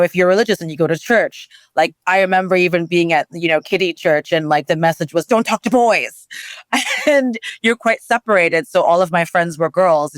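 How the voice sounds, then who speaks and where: A woman from Nigeria, a travel journalist being interviewed, telling animated stories and laughing often. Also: lowish voice, smooth, no echo. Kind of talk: conversational interview.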